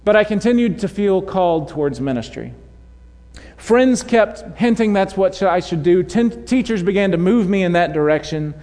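Man preaching, high voice, animated storytelling, church hall reverb. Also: moderate pace. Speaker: pastor. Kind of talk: sermon. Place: church sanctuary.

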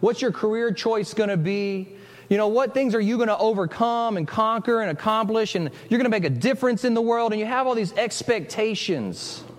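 A male pastor delivers a chatty sermon, his voice sitting fairly high for a man. He interrupts himself often and slips into short acted-out quotes. The sound carries a long, echoing hall reverb. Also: fairly quick. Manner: conversational, self-interrupting, acts out quoted voices.

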